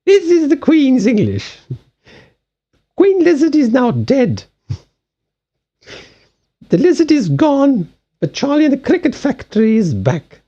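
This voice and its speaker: A haughty old queen with a mock posh voice, pitched far up, slow and drawn out, as a man puts her on. Her words roll out loud and grand. The sound is a bit dull and lo-fi. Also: wildly swooping pitch, heavily acted. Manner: exaggerated pompous high pitch.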